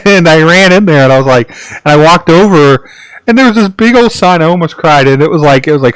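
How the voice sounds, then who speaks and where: Casting: male podcast host, mid pitch, meandering anecdotal chat, recorded close and dry. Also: animated, normal speed, fairly bright tone, clean tone, no room sound. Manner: rambling storyteller, many restarts and "like"s. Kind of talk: casual chat.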